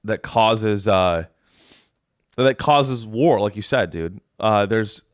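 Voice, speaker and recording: A man's voice: lowish voice, takes it slowly, no echo, studio quality. A man hosting a podcast, in crude, joking casual chat that rambles and trails off into fillers. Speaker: podcast host.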